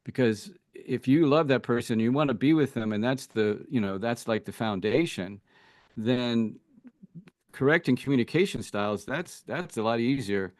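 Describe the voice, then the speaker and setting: A man's voice: mid-range voice, normal speed, no echo, clean studio sound. A man speaking as a relationship coach guest in an interview, thinking aloud with many "you know"s and restarts. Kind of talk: casual interview talk.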